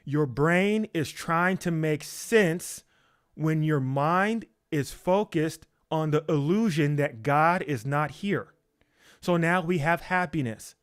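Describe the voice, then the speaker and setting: A man delivers a sermon in a slightly high voice, taking his time over each phrase. He repeats his points with insistence, throws out rhetorical questions, and keeps checking in with his listeners. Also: slow, smooth. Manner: emphatic and repetitive, asks rhetorical questions. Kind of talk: preaching.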